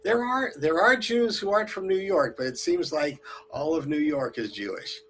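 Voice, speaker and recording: Rambling rabbi hosting a community talk. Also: male voice, a little high, normal speed, fairly bright tone, a little hiss or hum. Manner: loose and rambling, with many fillers and announcements. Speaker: rabbi and host.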